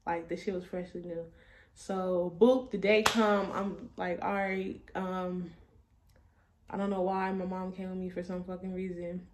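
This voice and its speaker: A woman's voice: on the low side, level tone, a little slow, darkish tone, a little hiss or hum. A woman in her twenties, a vlogger, telling a casual story in blunt, profane slang and laughing as she goes.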